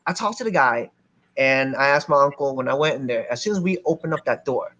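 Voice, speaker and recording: A man from Philadelphia telling a lively story to a seminar audience as a real estate investor, acting out the people in it. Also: medium pitch, a little fast, dull audio. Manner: animated, acts out other people's lines.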